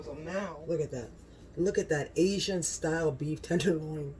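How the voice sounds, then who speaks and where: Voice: medium pitch, moderate pace, darkish tone, slight background noise. A home cooking channel host talking to the camera in a casual vlog, gushing and exclaiming often about the food.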